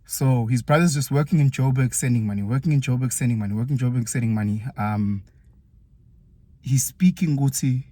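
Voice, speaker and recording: A former teacher with a South African accent, from KwaZulu-Natal, keeps a brisk pace as he recounts something personal on his vlog. He's animated and raises his pitch sharply when voicing others, with no room sound in the clip.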